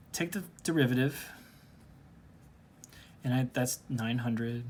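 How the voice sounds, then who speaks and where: A man's voice: mid-range voice, a little hiss or hum. A man teaching a recorded calculus lesson from home, casually talking through each step aloud. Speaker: math teacher.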